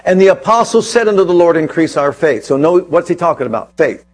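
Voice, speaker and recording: A man's voice: fairly high pitch, lively intonation, fairly quick. A man preaching a sermon to his congregation, quoting scripture and asking emphatic rhetorical questions.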